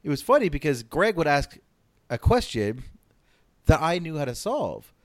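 A man's voice: a little high, very animated, moderate pace, no echo. Man rambling casually, dry close mic. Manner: rambling, swears freely. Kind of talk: casual chat.

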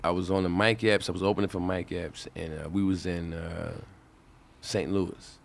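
A man's voice: low voice, flat delivery, normal speed, gravelly. A male comedian telling a stand-up story in casual, profane talk, full of restarts.

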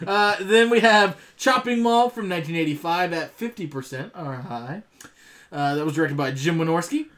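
A man's voice: on the high side, moderate pace, a bit bright. A man on a podcast, casually reading a list of movies and joking along. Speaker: podcast co-host. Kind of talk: casual chat.

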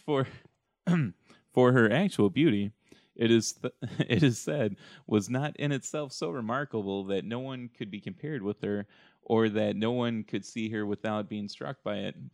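A man's voice: lowish voice, unhurried, vocal fry, darkish tone, dry recording, studio quality. Laughing man on a casual podcast. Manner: laughing, rambling, self-mocking. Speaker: podcast host. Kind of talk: casual chat. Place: home.

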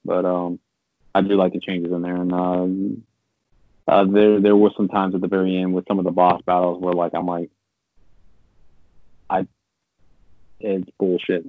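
A man rambling in casual gaming chat, swearing often and getting animated when he vents. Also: low-pitched, moderate pace, long pauses, no room sound. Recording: tinny phone-like dry sound.

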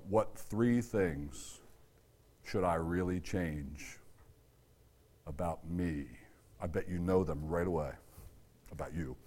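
A middle-aged man preaching a sermon at a church service, swinging from loud, emphatic urging to low, quiet asides. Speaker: pastor.

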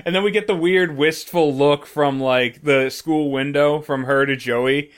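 A man from Missouri riffs through a casual podcast chat. His voice sits a bit high, and he jokes and swears freely, often restarting his sentences with stammers. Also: measured pace, clean tone, soft background music. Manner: joking, profane, stammering restarts. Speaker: podcast co-host.

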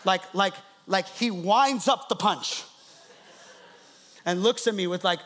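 A man, a pastor, preaching with animated, laughing storytelling. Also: high voice, takes it slowly, a little hiss or hum. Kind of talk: sermon.

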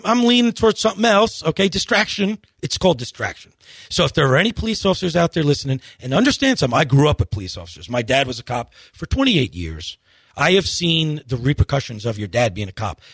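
A man's voice: on the high side, fairly bright tone, husky, no room sound, clean studio sound. A man hosting a golf radio show, pleading earnestly in a rambling rant full of restarts. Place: radio studio.

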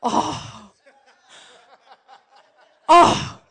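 A middle-aged woman pastor preaching a lively, folksy sermon, swinging from hushed asides to shouted excitement. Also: drawn-out words, no room sound. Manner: folksy, says "y'all" and "man".

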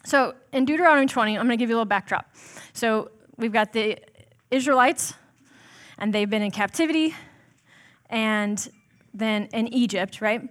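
A woman's voice: a little high, normal speed. A woman preaching at a church, with a talk that sounds more like an easy chat than a formal sermon. She sounds down-to-earth and a little self-deprecating, and her speech is full of casual "um"s and "like"s. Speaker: church staff member preaching. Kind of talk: conversational sermon.

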